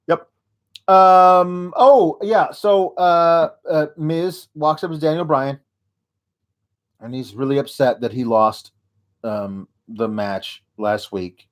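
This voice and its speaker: A man's voice: a little high, steady tone. A man hosting a comedic wrestling recap, ranting in a rambling, sarcastic way. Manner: rambling, sarcastic, halting with fillers. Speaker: host of a wrestling recap show.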